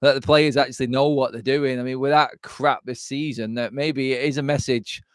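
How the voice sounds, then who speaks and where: English man, young, blunt football banter, swears, laughs a lot, smooth voice. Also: mid-range voice, fairly even intonation, fairly quick, dry recording, studio quality. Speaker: co-host, rival fan. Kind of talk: casual football watchalong chat.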